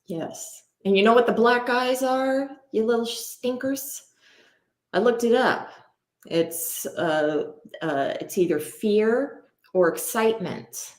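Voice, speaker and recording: A woman's voice: fairly high pitch, takes it slowly. A woman talking bluntly and casually as a podcast co-host, swearing often and rambling with lots of fillers. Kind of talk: candid casual conversation. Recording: roomy echo.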